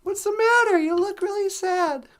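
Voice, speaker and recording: A woman's voice: very high-pitched, normal speed, pitched above the performer's own voice. A woman voicing a boisterous, laughing male squirrel in a storytelling podcast. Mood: teasing.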